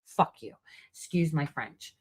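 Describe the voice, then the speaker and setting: A woman hosting a heated monologue to her online audience, profane and angry, swinging between loud outbursts and hushed asides. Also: low voice, lively intonation, measured pace, husky. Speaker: host.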